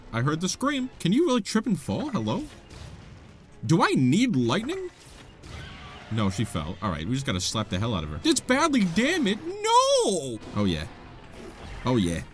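A man's voice: fairly high pitch, wildly swooping pitch, normal speed, pauses often, soft background music. A man giving playful, sarcastic gameplay commentary as a video host, often laughing. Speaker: gaming YouTuber.

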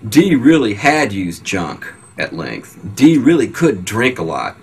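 A man in a documentary interview, recalling an old friend in a dry, frank, measured way. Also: fairly low pitch, big pitch swings, slightly rough. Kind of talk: reflective interview recollection. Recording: interview with music playing under it.

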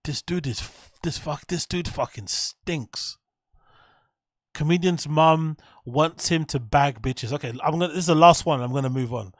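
A man's voice: fairly high pitch, normal speed, no echo, studio quality. A man hosting a stream, giving blunt, profane reaction commentary on comedy clips and laughing often.

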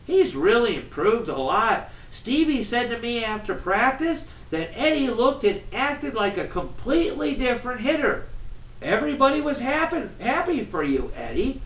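A man's voice: very high voice, very animated, moderate pace, fairly bright tone, pitched above the performer's own voice, heavily acted. A man reading as an earnest, friendly teenage boy in a storybook, heard from far off in a roomy space.

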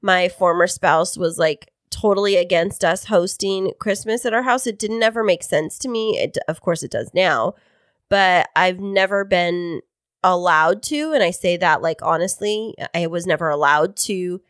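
A woman's voice: normal speed, dry recording, studio quality. A woman co-hosting a casual podcast with her husband, telling stories animatedly. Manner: animated storyteller, mimics others in high voices. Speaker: podcast co-host. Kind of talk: casual chat. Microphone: studio microphone.

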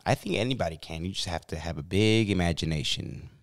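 A man with a very low voice hosts a casual podcast chat. He rambles along in an easygoing way, with plenty of ums and uhs. The sound is dry and close. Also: quick pace, dry recording. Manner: laid-back, rambling with many fillers. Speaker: podcast host.

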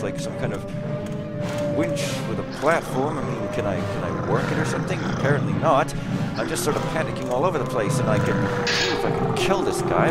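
A man giving rambling, jokey, panicky commentary while playing a video game. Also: mid-range voice. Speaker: let's play commentator. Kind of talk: excitable gameplay commentary. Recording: loud game music behind.

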